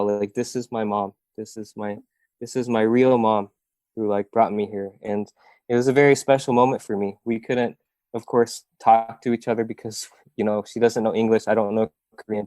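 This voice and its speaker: A man's voice: fairly low pitch, mellow, dry recording. A young man from Iowa telling his story as an interview guest, earnest and heartfelt, with many fillers and restarts.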